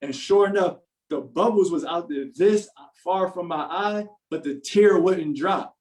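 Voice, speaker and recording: A man's voice: sits high, a little slow, darkish tone, low-quality recording. A man telling an earnest personal testimony as a podcast guest, with many fillers and restarts.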